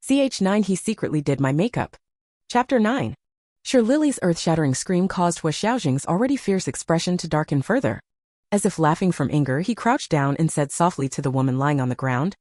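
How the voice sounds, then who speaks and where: A woman narrating a romance novel in an audiobook, with steady storytelling. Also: low-pitched, brisk, dry recording, studio quality.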